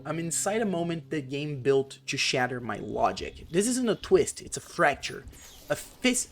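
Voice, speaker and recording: A man giving casual, excitable reaction commentary on a video game, swearing often and reading his own notes aloud. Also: on the high side. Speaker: gaming vlogger.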